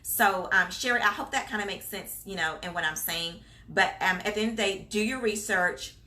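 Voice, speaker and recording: A childcare business coach hosts a casual live-stream Q&A, chatty and encouraging, with lots of fillers as she reads viewer comments aloud. Her voice is medium in pitch, a little fast and sharp in tone.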